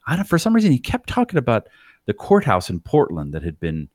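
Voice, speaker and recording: A man's voice: medium pitch, fast, dry recording, clean studio sound. A man in casual podcast chat, telling a story and mimicking the people in it. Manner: animated, does voices of people in his stories.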